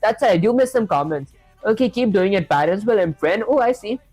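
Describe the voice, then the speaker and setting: A woman's voice: mid-range voice, expressive, a little fast, mellow, slightly rough, faint music behind. A young woman streaming live as she codes, thinking aloud and chatting casually with her viewers. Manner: chatty, thinks aloud, reads chat and answers it, lots of "guys" and "honestly". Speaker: coding livestreamer. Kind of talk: casual live-stream chat while coding.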